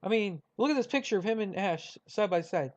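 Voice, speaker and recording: A man's voice: high-pitched, animated, fairly quick. Rambling young guy on a dull mic. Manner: rambling, many fillers and restarts. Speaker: YouTuber ranking cartoon rivals. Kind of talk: casual commentary.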